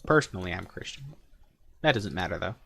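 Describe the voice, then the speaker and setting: A man's voice: low-pitched, very animated, a little fast, gravelly, a bit bright. A young man chatting casually on a gaming stream, rambling and joking with lots of fillers.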